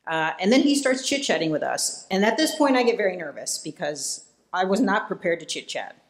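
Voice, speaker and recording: A man's voice: high voice, brisk, noisy background. Man telling stories to an audience. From Iowa, United States. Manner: relaxed storyteller, self-deprecating, frequent "uh" fillers. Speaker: guest speaker, policy fellow. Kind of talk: public lecture with personal anecdotes. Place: event hall before an audience.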